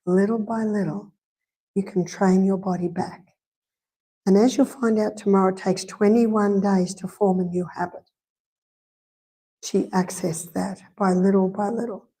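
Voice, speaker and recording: Mellow-voiced Australian woman lecturing. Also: medium pitch, steady tone, a little slow, pauses often, poor audio. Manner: conversational, repeats points for emphasis, tells anecdotes. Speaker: health lecturer. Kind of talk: live health lecture. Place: church hall.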